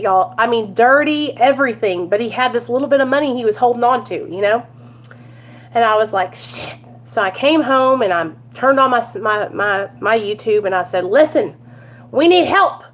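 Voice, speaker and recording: A woman chatting at home to her viewers, telling a story and calling them you guys and y'all. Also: on the high side. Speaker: recovery vlogger.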